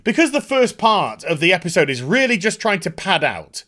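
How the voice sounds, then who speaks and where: Male TV reviewer, high animated voice, scornful casual rant. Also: moderate pace. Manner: sarcastic, sweary, mocking. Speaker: YouTube TV reviewer.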